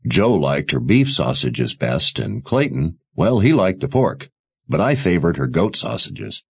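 A man's voice: sits low, sing-song, measured pace, vocal fry, slightly rough, dry recording, heavily acted. A man voicing a friendly, concerned young wine seller who talks easily. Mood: kindly.

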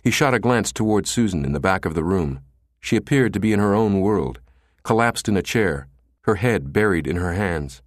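A man reading a thriller audiobook in steady scripted narration. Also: low-pitched, moderate pace, no room sound, studio quality.

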